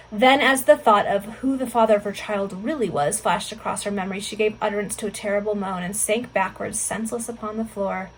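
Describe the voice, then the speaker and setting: A woman reading a novel aloud to friends over a video call, earnest and expressive, stopping for heartfelt asides. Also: mid-range voice, a little fast, husky, poor audio. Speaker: volunteer reader.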